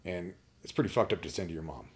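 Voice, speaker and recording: Deep-voiced man telling a blunt personal story. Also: animated, a little mellow. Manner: blunt, profane, halting with restarts. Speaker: podcast guest.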